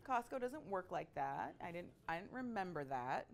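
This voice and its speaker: A woman telling a personal story in a conversational, expressive way, with frequent asides to her listeners. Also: mid-range voice, slow pace, gravelly. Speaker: speaker sharing a personal story.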